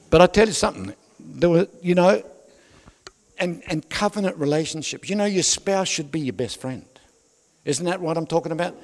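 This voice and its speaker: A man's voice: fairly high pitch, a little fast, a little mellow, long reverb tail. An older man with an Australian accent, preaching a sermon full of personal stories, jokes and asides to the congregation. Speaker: pastor.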